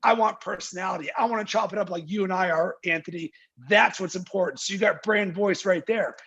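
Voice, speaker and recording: His voice is high, gravelly, husky and a bit bright, moving fairly quickly, with the highs cut off on the video call. An interview guest who founded a marketing agency, he speaks emphatically and energetically, acting out clients and asking rhetorical questions.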